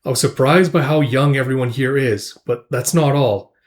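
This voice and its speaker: A man's voice: mid-range voice, normal speed, lightly acted. Man doing a laid-back young mercenary. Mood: friendly. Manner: chatty and casual. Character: friendly young male mercenary, easygoing.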